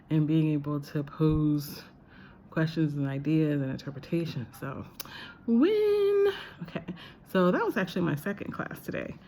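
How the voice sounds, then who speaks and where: A woman's voice: sits low, a little mellow, slight background noise. A woman who lectures at a university, talking through her day in a chatty, reflective vlog with lots of fillers. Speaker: visiting lecturer. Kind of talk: casual spoken diary.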